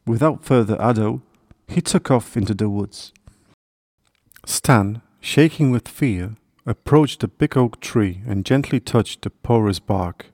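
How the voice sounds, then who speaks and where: A man calmly narrating a children's storybook in a measured reading. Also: lowish voice, no room sound, clean studio sound.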